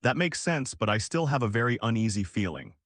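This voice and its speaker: A man's voice: mid-range voice, big pitch swings, a little fast, a bit bright, no room sound, studio quality. A man voicing a thoughtful young hero. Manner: thoughtful, uneasy.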